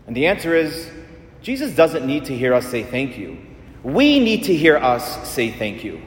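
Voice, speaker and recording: A man's voice: mid-range voice, huge pitch swings, moderate pace. A man preaching an earnest, repetitive sermon as a Catholic priest in a church. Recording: echoey church with long reverb.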